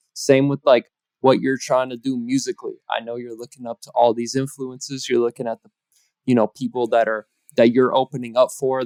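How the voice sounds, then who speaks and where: A man's voice: medium pitch, a little mellow, clean tone, dry recording, rough recording. A man co-hosting a podcast in casual chat, giving emphatic advice with some swearing. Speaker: podcast co-host.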